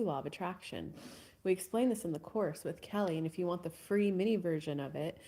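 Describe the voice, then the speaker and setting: A woman hosting a live spiritual coaching stream in a casual, soft-spoken way, sometimes dropping to a whisper. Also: fairly low pitch. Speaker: host.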